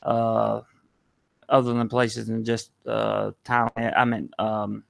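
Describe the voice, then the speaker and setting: Southern guy doing a laid-back live stream, gravelly low-key voice, reads the chat out and answers. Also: takes it slowly. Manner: relaxed, reads viewer comments aloud and answers them.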